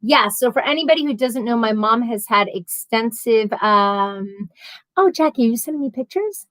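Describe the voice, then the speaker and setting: A woman's voice: fairly high pitch, normal speed, no echo, rough recording. A woman hosting a casual live stream, reading viewer comments aloud and rambling through stories with bursts of laughter. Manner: chatty, rambling, reads comments aloud and answers them; animated storytelling with laughter.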